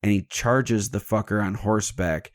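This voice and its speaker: A man's voice: lowish voice, steady tone, normal speed, dry recording, studio quality. A man hosting a podcast, retelling a legend in a casual, irreverent and jokey way, swearing freely. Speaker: podcast host. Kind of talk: casual storytelling chat.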